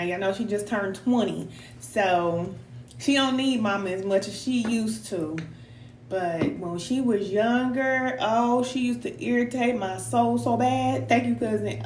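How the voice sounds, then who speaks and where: Chatty woman host in an echoey room. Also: mid-range voice. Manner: chatty, folksy, reads viewers' comments aloud and laughs often. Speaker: spiritual reader and host. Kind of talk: casual live-stream talk to viewers. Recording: echoey room with faint hum.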